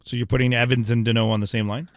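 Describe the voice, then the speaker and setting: A man's voice: medium pitch, flat delivery, very fast, no room sound, clean studio sound. A man co-hosting a radio sports talk show in a laid-back, teasing way.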